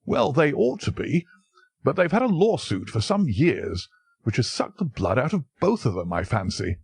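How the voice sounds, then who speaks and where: A man's voice: medium pitch, very animated, moderate pace, vocal fry, a little mellow, breathy edge, no room sound, voice pushed up, full character voice. A man voicing a hearty, easygoing older country colonel.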